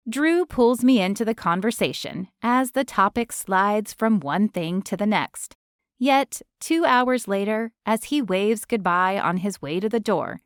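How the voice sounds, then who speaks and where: A woman narrating an audiobook in the first person with a measured, reflective delivery. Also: medium pitch, no room sound, clean studio sound.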